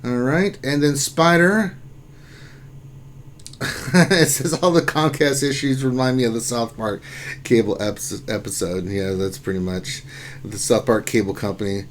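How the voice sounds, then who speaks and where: A man hosting a casual lunchtime live stream, chatting loosely and reading out viewers' names and messages, often trailing off into quieter asides. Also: mid-range voice, fairly even intonation, a little slow, slight background noise.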